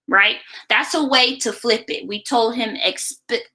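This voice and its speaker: A woman's voice: fairly high pitch, takes it slowly, few pauses, bright, forceful tone, low-quality recording. A woman teacher explaining classroom practice in an instructional video, often checking in with the listener by asking "right?". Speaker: teacher and education creator.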